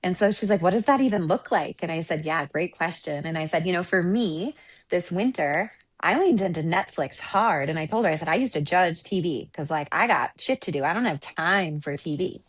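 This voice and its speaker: A woman's voice: fairly low pitch, moderate pace. A woman relationship coach and Reiki practitioner talking earnestly in an interview, often checking in with "right?". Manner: reflective, earnest, often ending points with "right?". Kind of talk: conversational interview storytelling.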